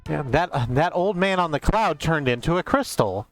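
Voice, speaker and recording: A man's voice: fairly high pitch, expressive, moderate pace, hardly any pauses, fairly bright tone, soft background music. A man streaming a game playthrough, joking and swearing as he goes. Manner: joking, swearing, self-mocking.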